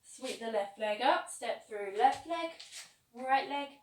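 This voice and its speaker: A woman teaching a yoga class, calmly cueing each pose step by step. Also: fairly high pitch, takes it slowly, slight background noise. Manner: calm step-by-step cueing of poses. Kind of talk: guided yoga class instruction. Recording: echoey room, voice from a distance, faint ambience.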